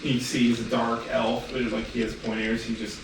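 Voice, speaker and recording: A man's voice: medium pitch, completely flat delivery, a little fast. A man narrating as game master of a tabletop role-playing game, describing scenes loosely and casually. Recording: echoey room, distant mic, noisy.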